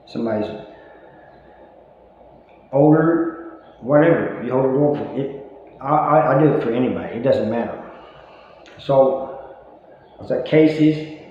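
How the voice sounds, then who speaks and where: A middle-aged man tells stories in a loose, rambling way, padding his talk with "you know" and chuckling at himself. His voice sits at an ordinary pitch. It bounces around a very echoey room with a long tail, and the sound is dull, with faint noise underneath. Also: warm tone. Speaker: vlogger talking about life after prison. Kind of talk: casual storytelling monologue.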